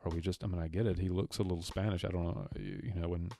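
Very fast and deep, with fairly even intonation, vocal fry and a warm tone, this man co-hosts a podcast over a slight hiss or hum. He loosely retells a film, voicing its characters in a rambling way full of restarts.

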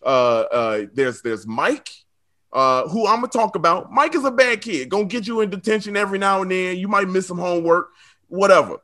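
Male storyteller, 30s; high, bright voice, animated and laughing. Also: fairly quick. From South Side of Chicago. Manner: animated, laughing often, slangy asides to the audience. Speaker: storyteller on a comedy show. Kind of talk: comic storytelling.

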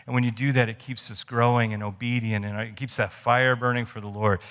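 A man's voice: medium pitch, fairly even intonation, brisk, hardly any pauses, a bit bright. A man preaching a sermon as pastor, conversational and storytelling, with restarts and asides. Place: church sanctuary. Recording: long church hall reverb.

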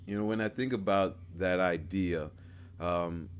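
A man's voice: low-pitched, unhurried, clear, resonant tone. A man talking casually about faith, hesitant and searching for his words with frequent restarts.

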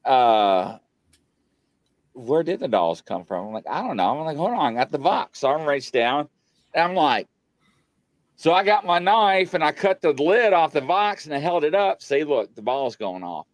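Man, casual storytelling, lively swooping pitch, slightly high voice, dry close sound. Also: normal speed, dry recording. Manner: animated, acts out quotes with big pitch jumps. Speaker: paranormal show guest telling stories.

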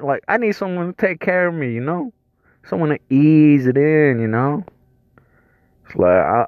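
A man's voice: fairly high pitch, no room sound. A man telling a crude comic story in a rambling, profane way, chuckling between lines. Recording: dull lo-fi dry recording.

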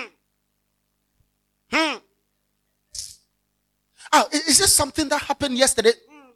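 A pastor with a Ghanaian accent preaching a sermon, animated, mixing English with Twi and acting out everyday scenes, now and then shouting for emphasis. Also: high-pitched, normal speed, long pauses.

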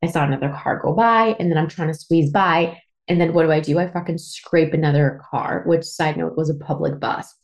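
A woman's voice: sits low, brisk. A woman in her thirties from Canada, telling a candid personal story as a podcast host, emotional and tearful at times, swearing and full of fillers. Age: 30s.

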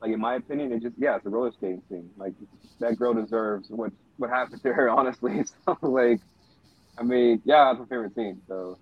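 A man in casual podcast chat, relaxed, mostly giving short agreeing replies. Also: medium pitch, brisk, slightly rough. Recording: muffled lo-fi sound.

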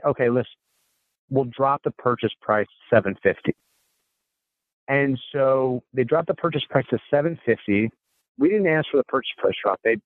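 A man's voice: mid-range voice, no room sound. A man, a real estate investor appearing as a guest, telling a deal story in conversational style and quoting the people involved. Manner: recounts dialogue in quoted snippets, frequent restarts. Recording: phone-like narrow sound, dry.

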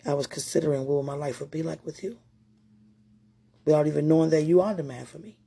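A woman's voice: low-pitched, fairly even intonation, quick pace, creaky, dark tone, husky. A woman giving an emotional personal testimony, talking straight to her partner in a heartfelt, rambling way with prayerful asides.

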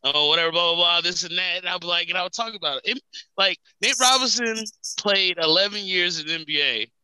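Bright-voiced man in casual chat. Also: high-pitched, fast talker, clean tone, no echo, poor audio. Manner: loose, rambling, laughs often. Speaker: podcast co-host.

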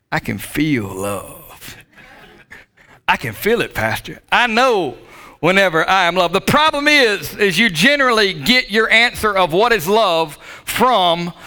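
High bright-voiced joking pastor. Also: male voice, clear, resonant tone. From Southern United States. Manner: joking, talks to the congregation directly. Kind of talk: sermon. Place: church sanctuary with live audience.

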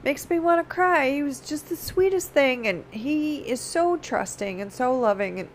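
A middle-aged woman talking casually in a rambling, animated way, often laughing. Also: sits high, moderate pace, hardly any pauses, a little hiss or hum. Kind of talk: casual personal chat.

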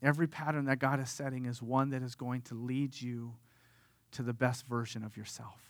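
A man in his thirties preaching a sermon as pastor, earnest, moving from hushed lines to animated storytelling. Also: medium pitch, moderate pace, no echo.

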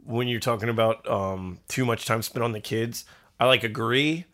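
A man co-hosting a casual movie podcast with a bright, forward voice. He rambles and restarts, gets fired up and swears freely. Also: medium pitch, moderate pace. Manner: excited, profane, rambling. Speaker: podcast co-host. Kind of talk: casual movie-review chat.

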